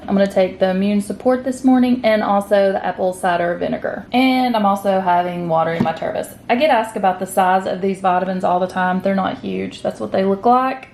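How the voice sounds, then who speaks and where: A woman's voice: medium pitch, creaky, a little mellow, slight background noise. A woman, chatting casually to camera about her day and food, upbeat and addressing viewers directly. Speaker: keto vlogger. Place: at home, partly outdoors.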